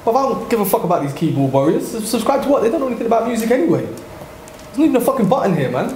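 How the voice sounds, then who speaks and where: Brusque grumpy old dj guy, high, rushed, as a man puts him on, echoey room. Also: very animated, a little mellow, a little hiss or hum. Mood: irritated.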